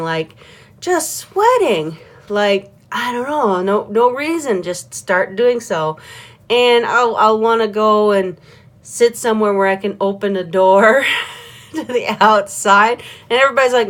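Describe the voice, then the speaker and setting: A middle-aged woman talking casually in a personal vlog, rambling and laughing often as she acts out what others say. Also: medium pitch. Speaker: vlogger.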